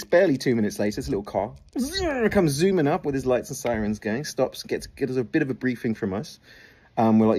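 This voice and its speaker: An English man telling a funny story from his school days in a casual, animated way, swinging his voice up and down for effect. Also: quick pace. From England. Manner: animated, big swings in pitch and loudness for effect.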